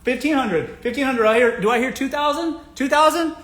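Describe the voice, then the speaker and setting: A man playing an auctioneer who calls out bids in a quick chant. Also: extremely high pitch, a bit bright, echoey room, voice pushed up. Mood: rapid chant. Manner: rapid bid-calling chant. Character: fast-talking male auctioneer calling bids.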